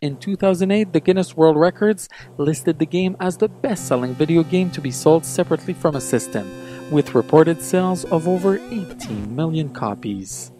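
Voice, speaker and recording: A man's voice: a little high, normal speed, dark tone, soft background music. A man from Quebec reading a scripted countdown of his favourite video games, enthusiastic and nostalgic about his childhood. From Quebec, Canada. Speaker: video game reviewer.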